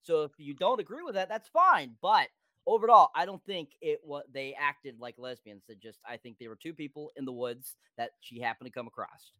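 A man co-hosting a podcast, giving his opinion in a hesitant, measured way. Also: a little high, animated, pushed and bright, dry recording. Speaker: podcast co-host. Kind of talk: casual podcast discussion.

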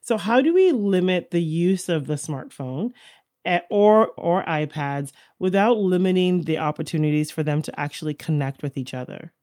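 Low-voiced woman host. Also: lively intonation, moderate pace, a little mellow, no echo, studio quality. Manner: conversational, asks questions with personal examples. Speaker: podcast host. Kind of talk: podcast interview.

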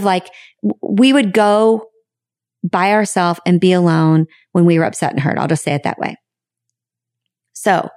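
A woman hosting a podcast, talking in a frank, reflective way with sudden high bursts of emphasis and some casual swearing. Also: darkish tone, no room sound, clean studio sound. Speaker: podcast host. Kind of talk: candid podcast monologue.

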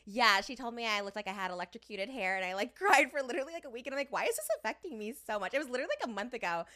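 A woman's voice: a little high, very fast, sharp tone. A woman in her thirties, a guest in a casual interview, talking in a rambling, giggly way with frequent laughs.

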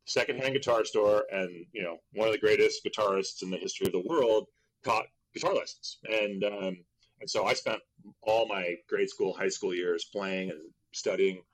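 A middle-aged man from Berkeley, an actor and guest, telling stories in a casual interview, rambling with fillers and leaping in pitch when he acts out voices. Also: normal speed, poor audio. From Berkeley, California. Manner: animated, acts out quoted voices with big pitch jumps; rambling with many fillers and restarts.

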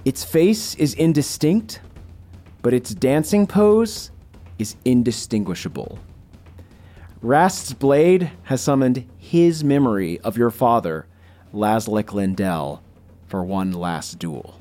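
A man narrating a tabletop game as game master, in a slow, dramatic manner. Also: mid-range voice, animated, dark tone, faint music behind.

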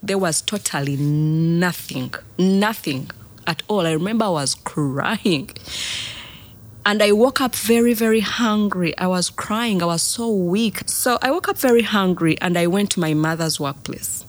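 A woman's voice: fairly low pitch, measured pace. A middle-aged woman, telling a personal childhood story as a guest, emotional and laughing between lines. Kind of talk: personal testimony in a podcast interview.

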